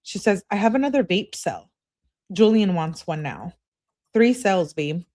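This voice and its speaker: A woman hosting a true-crime channel, reading a couple's text messages aloud in a casual way and breaking off for quick remarks of her own. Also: medium pitch, animated, warm tone. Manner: reads texts aloud, breaks off with quick asides. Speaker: host reading case evidence.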